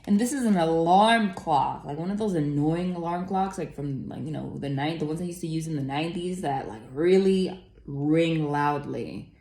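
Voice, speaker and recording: In a roomy, echoing space, a female tarot reader rambles through a casual reading, swearing offhandedly and filling gaps with fillers. Her voice is low and mellow at a normal speed.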